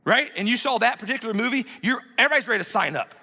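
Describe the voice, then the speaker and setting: Bright-voiced preaching man in a reverberant church. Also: very high-pitched, expressive, very fast, gravelly. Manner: emphatic, conversational preaching with rhetorical questions. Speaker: pastor. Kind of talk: sermon. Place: church sanctuary. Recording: long hall reverb in a church.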